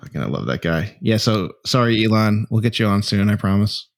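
A man's voice: lowish voice, expressive, fairly quick, gravelly. A man co-hosting a podcast, chatting casually with teasing jokes and swearing. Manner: teasing, profane, jokey. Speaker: podcast co-host. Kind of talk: casual chat.

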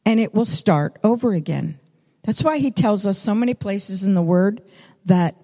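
A woman's voice: medium pitch, animated, moderate pace, dark tone. An older woman preaching a sermon, telling stories with repeated, emphatic phrases. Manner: storytelling, repetitive emphatic phrasing. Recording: long reverb of a hall.

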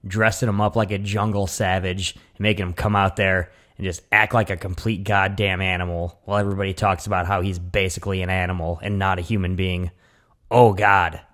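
Profane, riffing man, low voice. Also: level tone, a little fast, a bit bright. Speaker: podcast co-host. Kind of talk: casual comedic chat.

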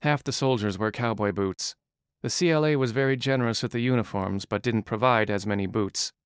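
For this audiobook character, a man gives voice to a resourceful, determined young woman whose speech is direct and firm. He sounds natural, somewhat low, clear and resonant, moving at a fairly quick, matter-of-fact clip. The studio recording is clean, with no room sound.

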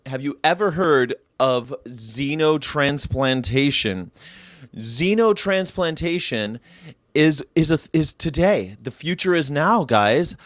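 A man from Southern California hosting a casual vegan livestream, talking in an animated, rambling way that jumps between jokes and pleas. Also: mid-range voice, no room sound, clean studio sound. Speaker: vegan channel host.

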